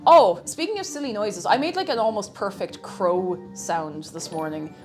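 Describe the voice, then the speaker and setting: A woman's voice: mid-range voice, very animated, moderate pace, over music. A woman chatting casually and giggling while cooking at home on a live stream. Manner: chatty and giggly, breaks into silly noises.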